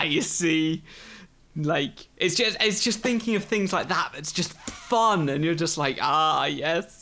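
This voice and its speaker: Male podcast host, higher-pitched, croaky fry, playful and meandering. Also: a bit bright. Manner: rambling, playful, muses aloud. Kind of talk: casual chat.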